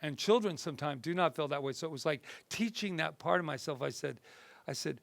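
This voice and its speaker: Gravelly male reverend teaching. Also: a little high, fairly quick, no echo. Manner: conversational, animated, acts out voices in his stories. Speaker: reverend teaching a spiritual class. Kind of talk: casual spoken talk.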